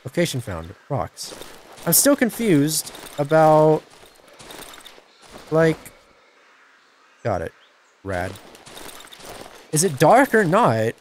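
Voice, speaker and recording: A man narrating his horror game playthrough, jumpy and swearing whenever something startles him. His pitch leaps about animatedly. A clear hiss of noise runs under the voice. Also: wildly swooping pitch, extremely slow, long pauses. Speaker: gameplay commentator. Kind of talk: horror game let's play commentary.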